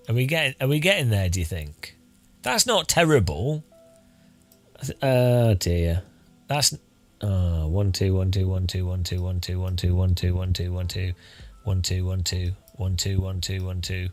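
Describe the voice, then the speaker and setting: Man on a live stream, wry and self-mocking, slow unhurried speech, close studio mic, faint music underneath. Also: low voice. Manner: rueful, joking, counting into the mic. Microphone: close studio microphone.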